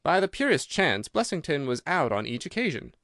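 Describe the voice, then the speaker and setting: A man reading an audiobook, voicing a cool, incisive detective who reasons in a crisp, assured way. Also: a little high, big pitch swings, fairly quick, a bit bright, no echo, studio quality. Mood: explaining.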